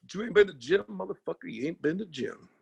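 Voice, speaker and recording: A man's voice: high-pitched, lively intonation, fast, vocal fry, breathy edge, full character voice. Man impersonating a brash, swaggering comedian. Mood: taunting. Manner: profane, swaggering stage talk. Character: brash streetwise male comedian, bossy and fiery.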